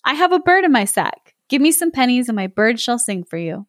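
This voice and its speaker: A woman's voice: on the high side, big pitch swings, a little fast, no room sound, studio quality. A woman reading a fairy tale, voicing a greedy, bullying male ogre disguised as a peddler. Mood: demanding.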